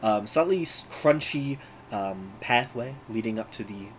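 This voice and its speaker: Man, game master, halting narration, filler words, faint ambience. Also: mid-range voice, expressive, background noise. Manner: halting, many ums and uhs.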